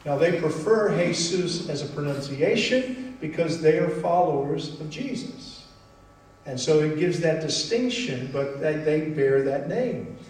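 A man delivers a sermon in an unhurried, emphatic way, leaning on key phrases between long pauses. His voice sits a bit high and rings through a very echoey hall, picked up from some distance with faint room noise behind. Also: expressive, a little mellow. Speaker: pastor.

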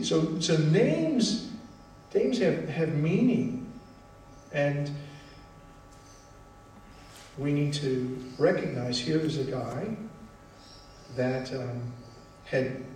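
A man delivers a sermon in an unhurried, emphatic way, leaning on key phrases between long pauses. His voice sits a bit high and rings through a very echoey hall, picked up from some distance with faint room noise behind. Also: darkish tone. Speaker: pastor.

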